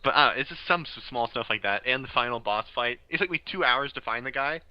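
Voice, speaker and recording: A young man, a guest on a casual podcast, telling animated stories and laughing often. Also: mid-range voice, fairly quick, no echo, lo-fi sound.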